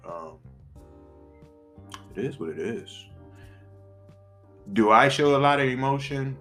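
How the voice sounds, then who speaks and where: A man's voice: mid-range voice, expressive, slow pace, sharp tone, soft background music. A young man co-hosting a podcast, talking bluntly and sarcastically with plenty of swearing in a candid casual chat. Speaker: podcast co-host.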